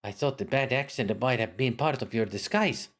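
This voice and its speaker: A man voicing a nervous female spy posing as a shop clerk, speaking in a shaky, halting, stammering way as he reads game dialogue aloud. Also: medium pitch, a bit bright, natural voice. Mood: flustered. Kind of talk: reading a game's dialogue aloud.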